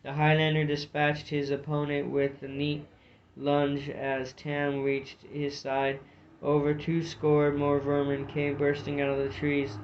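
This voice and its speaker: A man narrates an animal adventure story, his voice fairly high yet held in a flat, even line. Small stumbles and restarts creep into his reading, and the recording sounds muffled and lo-fi. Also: measured pace, a little hiss or hum. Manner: narrating with occasional slips and restarts. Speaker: audiobook reader. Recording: dull lo-fi recording.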